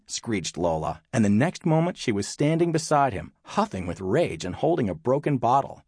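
A man narrating an audiobook in an expressive storytelling manner. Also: medium pitch, moderate pace, hardly any pauses, husky, dry recording, studio quality. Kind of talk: scripted narration.

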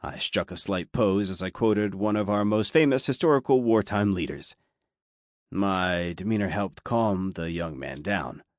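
A man reading a story aloud as an audiobook narrator, steady and measured. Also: deep voice, no echo, clean studio sound. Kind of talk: scripted narration.

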